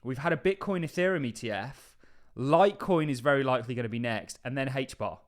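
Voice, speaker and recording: A man's voice: mid-range voice, a little fast. Enthusiastic man hosting a crypto channel. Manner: enthusiastic, emphatic, with frequent asides. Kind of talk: casual crypto market commentary.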